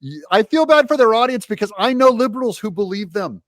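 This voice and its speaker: A man's voice: sits high, sing-song, brisk, no echo, clean studio sound. A man hosting political commentary, mocking and sarcastically rebutting news clips.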